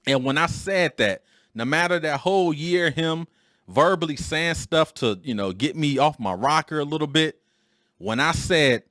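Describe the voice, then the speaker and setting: Animated storytelling man, dry close sound. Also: a little high, moderate pace, no room sound. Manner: animated, emphatic, repeats "freaking" for emphasis. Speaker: podcast host. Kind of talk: storytelling monologue.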